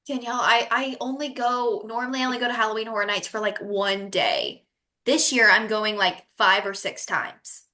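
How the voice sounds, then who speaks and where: A woman's voice: on the high side, moderate pace, pushed and bright. A woman co-hosting a podcast over a video call, chatting casually, bubbly and laughing often with playful sarcasm. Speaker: podcast co-host. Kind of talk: casual chat.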